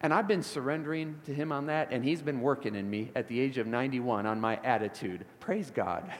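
A man's voice: mid-range voice, a little fast. A middle-aged male pastor from the Chicago area preaching a sermon in a church, shifting from conversational storytelling to fervent emphasis. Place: church sanctuary. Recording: long hall reverb of a church.

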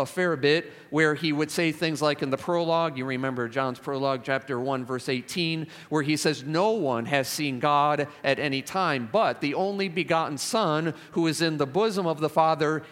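A man's voice: fairly high pitch, a bit bright. A man preaching a sermon, emphatic and repetitive, building phrases to fervent climaxes. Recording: long reverb of a large hall.

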